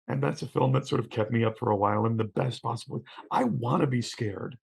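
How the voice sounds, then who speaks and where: A middle-aged man with a gravelly, husky voice spins animated stories about horror films. He acts out the characters' lines and often restarts his sentences as he builds to the punchline. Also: medium pitch, fast talker. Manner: acts out scenes with quoted voices, frequent restarts. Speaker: guest, horror scholar. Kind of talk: animated storytelling in conversation.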